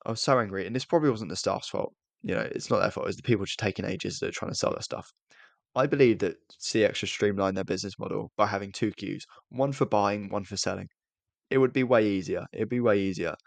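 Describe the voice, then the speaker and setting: Young British male co-host, gravelly and dry, rambles with restarts. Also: lowish voice, fast, dry recording. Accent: British English. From Britain. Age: young adult. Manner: rambling, self-deprecating, restarts often. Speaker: podcast co-host. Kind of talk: casual chat.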